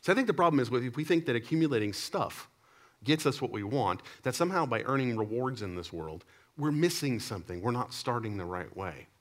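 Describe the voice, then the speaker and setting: A man preaching a sermon to his congregation. He tells stories animatedly, swinging between loud emphatic lines and low, quiet asides. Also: lively intonation, a little fast. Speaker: pastor. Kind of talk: sermon with storytelling.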